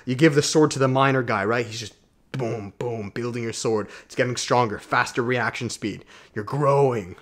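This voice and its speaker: Blunt, profane man giving a motivational talk. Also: moderate pace. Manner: blunt, profane and emphatic, addresses viewers as guys; swings between low asides and loud outbursts. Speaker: self-development YouTuber. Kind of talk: motivational monologue to camera.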